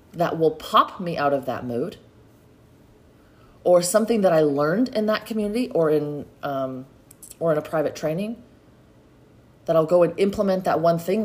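A middle-aged woman hosting a solo podcast, talking in a chatty, encouraging way and calling her listeners y'all. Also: on the low side. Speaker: podcast host. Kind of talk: motivational solo podcast talk.

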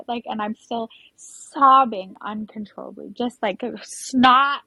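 Woman, husky breathy voice, dry close sound, chatty storyteller, lots of fillers. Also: a little high, slow pace, hardly any pauses, sharp tone, no room sound, low-quality recording. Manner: chatty, many "like" fillers, frequent laughter. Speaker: podcast guest. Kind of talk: casual storytelling interview.

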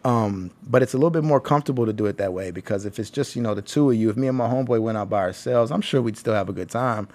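A man's voice: lowish voice, fast, few pauses, a little mellow. A young man from Tennessee with a Southern American accent, telling a rambling, casual travel story as a host, with frequent ums and swearing. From Tennessee, USA. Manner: laid-back, rambling, frequent ums and profanity. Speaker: podcast host.

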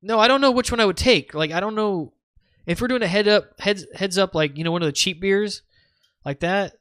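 A man's voice: high-pitched, a little fast, a bit bright, smooth, no echo, studio quality. A man on a podcast, chatting casually over a voice call, rambling with many restarts. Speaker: podcast guest. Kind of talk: casual chat. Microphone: remote voice call.

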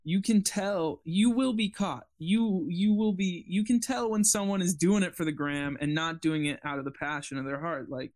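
A man's voice: high-pitched, moderate pace, hardly any pauses, a little mellow. A man co-hosting a podcast, easygoing and chatting casually about basketball. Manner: easygoing, laughs along. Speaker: podcast co-host.

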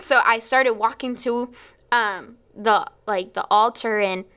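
A woman's voice: on the high side, steady tone, measured pace, sharp tone, clean tone. A young adult woman, a teacher, telling a personal faith testimony in a chatty, storytelling way, acting out her own quotes and laughing often. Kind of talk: casual spoken testimony.

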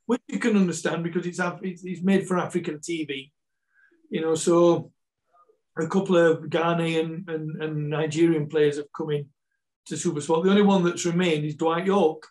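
Yorkshire-scottish bloke, football coach, rambly, keeps repeating himself, slightly high voice. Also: male voice, steady tone, moderate pace, a little mellow, low-quality recording. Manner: rambling with many repeats and restarts. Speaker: football coach and pundit guest. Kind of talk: casual chat, storytelling.

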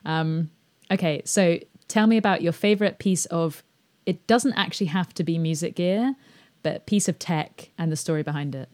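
A woman's voice: on the low side, moderate pace, darkish tone. A woman hosting a casual podcast conversation, hesitant and full of fillers, laughing often. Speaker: podcast host.

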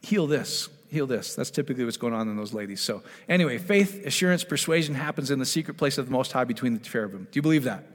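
A man preaching a conversational sermon, animated, often asking the congregation questions and acting out quotes. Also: medium pitch, fast, few pauses, in a large hall. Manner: animated, asks the audience questions, acts out quotes. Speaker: pastor.

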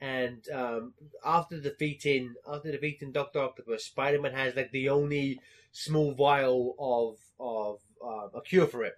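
A man's voice: mid-range voice, fairly even intonation, normal speed. A young man in casual chat, telling a story with swearing and bursts of laughter.

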